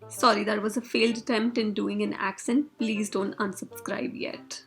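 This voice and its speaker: A woman's voice: mid-range voice, little pitch movement, moderate pace, soft background music. A young woman from India narrating a hair styling tutorial as a voice-over, with sarcastic, teasing asides to the viewer. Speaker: beauty vlogger.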